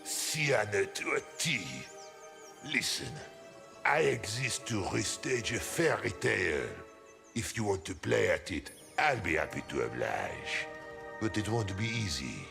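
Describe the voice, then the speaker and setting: An actor playing a gruff, hungover, sarcastic male wolf in a video game, grumbling in a drawn-out, theatrical way. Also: on the low side, big pitch swings, heavily acted. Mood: bitter. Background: game music.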